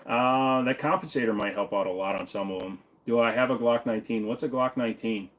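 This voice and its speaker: A man's voice: mid-range voice, fairly quick, a bit bright. A man hosting a livestream, reading viewer questions aloud and answering them offhand in casual, jokey chat with the odd swear.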